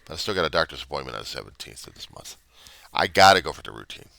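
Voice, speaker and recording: A man's voice: a bass voice, sing-song, fast, vocal fry, bright, forceful tone, no echo. A man talking in a personal video diary, brooding and repeating himself, often dropping to a mutter or a whisper. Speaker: vlogger.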